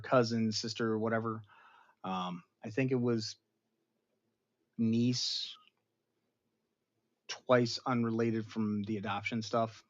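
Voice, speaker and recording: A man hosting a casual episode review, animated and chatty, often slipping into playful voices for the characters. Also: on the low side. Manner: animated, acts out characters' lines in funny voices. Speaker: show host. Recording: slightly dull, lo-fi sound.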